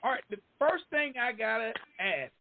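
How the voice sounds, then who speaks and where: High-voiced Southern man hosting, phone-thin. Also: sing-song, normal speed, creaky, phone-quality sound, slight background noise. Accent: Southern US drawl. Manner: emphatic, repetitive promo patter. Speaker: radio show host. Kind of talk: hyped-up podcast interview hosting.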